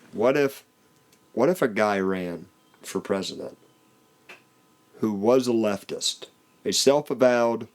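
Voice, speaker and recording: A man's voice: on the low side, a little mellow. Man, podcast host, casual political chat, laughs a lot, mock quoting voices.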